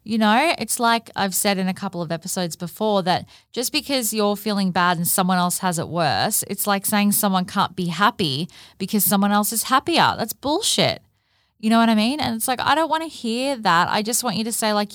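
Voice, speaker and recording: A woman's voice: mid-range voice, lively intonation, moderate pace, fairly bright tone, dry recording, clean studio sound. A woman hosting a solo podcast, talking frankly and casually, with swearing and many fillers like "like" and "you know". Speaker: podcast host. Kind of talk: candid solo podcast monologue.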